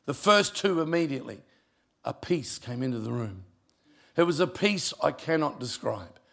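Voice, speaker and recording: An older man, a pastor telling personal stories in a sermon, emotional and conversational, with a gravelly voice. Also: on the high side, lively intonation, normal speed, a bit bright. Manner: emotional, conversational storytelling with asides. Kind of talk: sermon storytelling.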